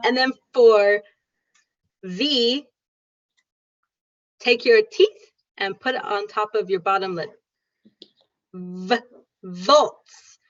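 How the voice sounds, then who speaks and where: A woman teaching English pronunciation in an online class, upbeat and demonstrative, repeating sounds slowly for her students. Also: medium pitch, dry recording. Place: online video call. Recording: dull lo-fi video call audio.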